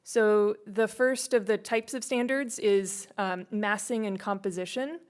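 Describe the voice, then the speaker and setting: A woman methodically presenting building standards at a public meeting, steady and explanatory. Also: medium pitch, unhurried.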